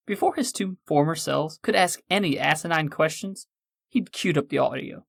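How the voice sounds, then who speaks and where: A man narrating an audiobook in a measured, clear manner. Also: a little high, no room sound, studio quality. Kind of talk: scripted narration.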